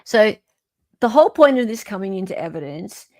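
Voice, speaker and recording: An Australian woman hosting a casual commentary show, chatty and animated, with the odd swear word thrown in. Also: medium pitch, a little fast, dry recording, studio quality. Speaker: host.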